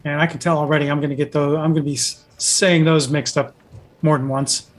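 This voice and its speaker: A man's voice: fairly high pitch, flat delivery, a little fast. A man narrating as game master of a tabletop game, rambling with lots of fillers.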